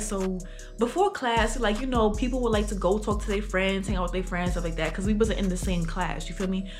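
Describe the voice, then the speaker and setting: A young adult woman telling a casual storytime for her vlog, talking in slang with lots of fillers. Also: mid-range voice. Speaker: vlogger.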